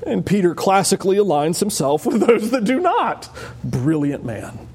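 A man preaching a sermon as pastor, animated and wry, often laughing as he explains a passage. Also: high-pitched, normal speed, slight background noise.

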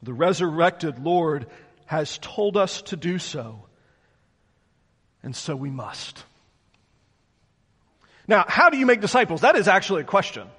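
A male pastor delivers an earnest sermon, unpacking scripture for his congregation. His voice sits high for a man, and a long reverb trails each phrase through the church sanctuary. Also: sing-song, a little slow, long pauses, fairly bright tone, husky. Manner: preaching, explaining scripture in earnest.

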